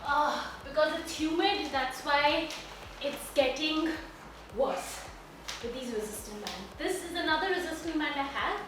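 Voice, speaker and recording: A woman with an Indian accent leads a home workout while doing it herself, out of breath as she explains each move. This fitness instructor speaks in a high voice, a little slowly, with background noise. The room at home is very echoey and the mic is far off.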